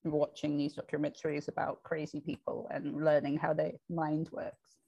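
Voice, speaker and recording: A woman's voice: deep voice, flat delivery, moderate pace, gravelly, dark tone, slightly rough, muffled recording. A woman author chatting on a podcast over a remote call, laughing often as she talks. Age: adult. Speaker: guest author. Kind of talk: casual podcast chat.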